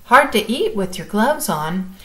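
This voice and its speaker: A woman reading the lines of a kind, steady farm father in a storybook, talking in a warm, coaxing way. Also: medium pitch, measured pace, low-quality recording. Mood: kindly.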